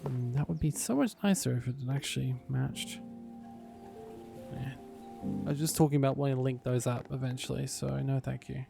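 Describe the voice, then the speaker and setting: A man mutters his way through a relaxed game, his mid-range voice rough with a gravelly edge. He drops dry, sarcastic asides as he plays. Faint music runs beneath his voice. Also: medium pitch, normal speed. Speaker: gaming YouTuber. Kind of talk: relaxed gameplay commentary.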